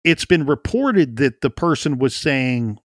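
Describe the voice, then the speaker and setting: A man's voice: mid-range voice, animated, a little slow, dry recording, clean studio sound. A man co-hosting a true crime podcast, talking through a case in an earnest way and often repeating words as he thinks aloud. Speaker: podcast co-host.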